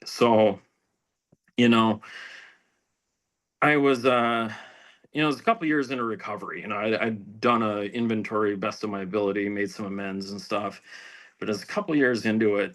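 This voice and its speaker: A middle-aged man telling his recovery story in a rambling, halting way, full of restarts and fillers, dropping to a near whisper at painful moments. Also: lowish voice, a bit bright. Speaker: speaker sharing recovery story. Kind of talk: personal testimony at a recovery meeting.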